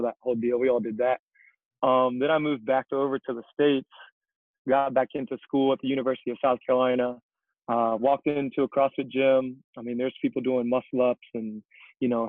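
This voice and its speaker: A young man talks loosely on a podcast, rambling with plenty of fillers. His voice is of middling pitch and comes through a tinny, phone-like remote line. The sound is dry, with no room around it. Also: no room sound. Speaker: podcast guest, CrossFit coach. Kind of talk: casual podcast chat.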